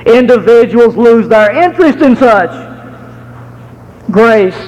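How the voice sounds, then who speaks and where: A middle-aged American man preaching a sermon, telling folksy stories and slowing down to stress key words. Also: high-pitched, big-room sound, rough recording. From United States.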